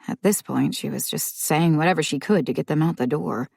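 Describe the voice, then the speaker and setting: A woman narrating an audiobook in a measured, calm way. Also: low-pitched, vocal fry, slightly rough, no echo.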